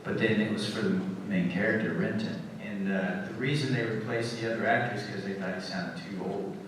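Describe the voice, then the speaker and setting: A man's voice: fairly low pitch, fairly even intonation, noisy background. A man, a guest actor on a convention panel, answering fan questions with lots of fillers and restarts. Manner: halting, many fillers. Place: large convention hall. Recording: echoey hall from far off.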